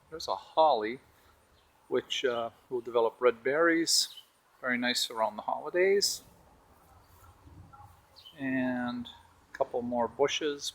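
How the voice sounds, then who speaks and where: A man's voice: mid-range voice, a little hiss or hum, poor audio. A man casually walking through his backyard garden, pointing out rocks and plants as he films. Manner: relaxed, pointing things out as he walks. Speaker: homeowner giving a garden tour. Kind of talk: casual walking video tour. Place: outdoors in a backyard garden by a pond. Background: faint outdoor ambience with birds and a jet.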